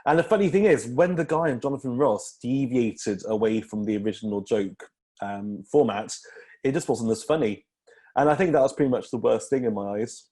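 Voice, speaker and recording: A comedian guest talks loosely over a video call, wandering through his points with plenty of ums and quick laughs. He is a British man with a middle-pitched voice, chatty and easygoing. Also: darkish tone, slightly rough. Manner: rambling, filler-heavy, laughs often. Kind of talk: casual podcast interview.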